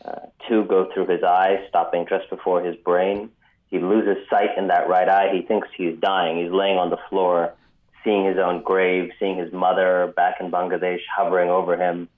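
A man recounting a story on a radio interview, unhurried and dotted with ums. His voice sits very low. It comes through a thin, tinny phone line. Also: level tone. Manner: measured, many ums, vivid retelling. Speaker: author guest.

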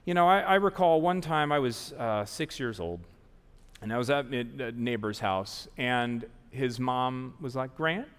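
A man in his forties from the American South telling a live story on stage in an animated, self-mocking way, acting out the people he quotes. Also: medium pitch, measured pace, clear, resonant tone. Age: 40s. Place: large theater stage before an audience. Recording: long theater hall reverb.

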